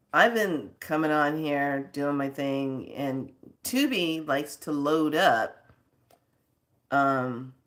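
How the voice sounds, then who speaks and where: Woman, low voice, slow talk, spiritual vlog host, scolding, rambling. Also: fairly bright tone. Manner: scolding, rambling, laughs between stories.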